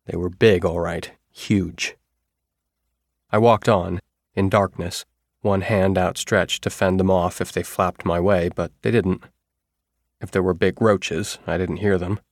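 A man with a very low voice reads a first-person story at a measured pace. The recording is close and completely dry, with no room sound. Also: dry recording. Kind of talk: audiobook narration.

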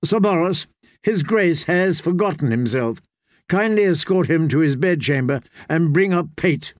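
A man's voice: fairly high pitch, animated, unhurried, no echo, clean studio sound. A man voicing a cruel, scornful adult queen who speaks in clipped commands. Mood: commanding. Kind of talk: audiobook character voice.

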